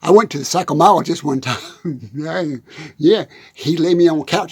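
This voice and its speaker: A man's voice: on the high side, a little fast, darkish tone, slightly rough. A man rambling through a comic monologue in a hot, dusty shed. He giggles through his words and keeps stumbling over them. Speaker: country comedian.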